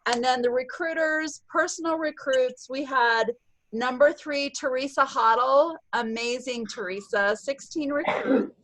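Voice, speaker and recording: A bubbly woman hosts a virtual team meeting over a video call, cheering on her team between announcements. Her voice sits a little high, and the sound is close and dry. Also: measured pace, fairly bright tone, no echo, poor audio. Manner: bubbly, cheers and whoops often. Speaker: sales team leader hosting a virtual meeting. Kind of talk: upbeat online meeting announcements.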